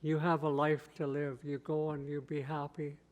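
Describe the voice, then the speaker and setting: A man voicing a gentle, selfless old grandmother in a spoken folk tale. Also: fairly high pitch, completely flat delivery, normal speed, lightly acted. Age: older.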